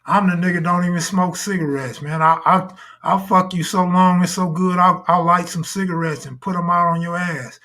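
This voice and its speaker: A man's voice: high-pitched, steady tone, moderate pace, few pauses, sharp tone. A man hosting a live stream in casual talk, full of crude, boastful joking banter.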